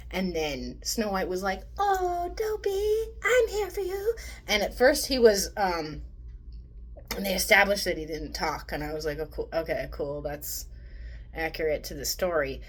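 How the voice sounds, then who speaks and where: Young woman ranting about a movie. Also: lowish voice. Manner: animated, swearing, acts out quotes in mocking voices. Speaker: vlogger. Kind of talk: casual movie review rant.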